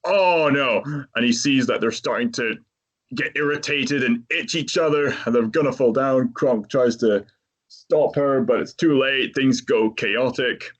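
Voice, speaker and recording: A man's voice: mid-range voice, unhurried. A man hosting a podcast, retelling a movie's plot in a casual, chatty way and laughing often. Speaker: podcast host.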